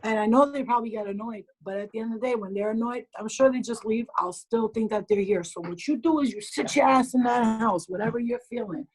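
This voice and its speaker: Blunt husky woman giving advice. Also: a little high, fast, hardly any pauses, low-quality recording. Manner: blunt, swears freely, laughs often. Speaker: spiritual healer hosting a group call. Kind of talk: casual advice chat. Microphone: video call.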